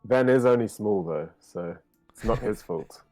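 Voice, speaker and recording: A man's voice: on the low side, unhurried, a little mellow, dry recording, soft background music. A man in casual chat as a player in a tabletop game, playful and joking.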